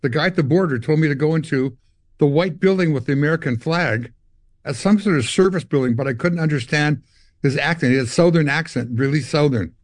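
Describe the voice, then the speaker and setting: Older Canadian man spinning animated stories. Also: a little high, brisk, no echo. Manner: animated storyteller, acts out dialogue and guitar sounds. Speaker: musician guest. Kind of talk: storytelling interview.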